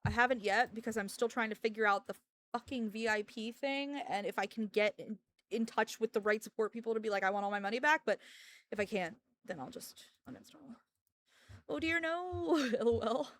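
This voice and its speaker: A woman's voice: on the high side, brisk. A woman streamer chatting casually with her viewers from home, venting her frustration, laughing often and swearing now and then.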